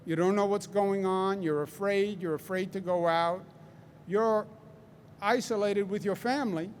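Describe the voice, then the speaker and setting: A man with a Queens New York accent speaks at a public press briefing, his voice sitting high for a man. He talks slowly and deliberately, repeating phrases to drive them home. A faint hiss of noise sits underneath. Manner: emphatic, repeats key phrases for stress. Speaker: governor giving a press briefing. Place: large indoor hall.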